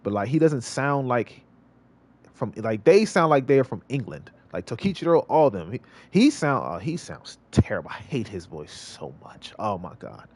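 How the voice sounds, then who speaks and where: A man's voice: medium pitch, very animated, moderate pace, a little mellow. A male streamer giving casual gameplay commentary, rambling and repeating himself with many restarts. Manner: rambling, repetitive, lots of restarts.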